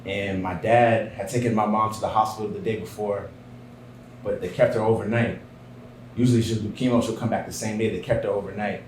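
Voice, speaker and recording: A man telling a personal story on stage at a live show, earnest and dropping to a hushed voice in tender moments. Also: on the low side, fairly even intonation, brisk, a little hiss or hum. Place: small theater stage. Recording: roomy live theater sound.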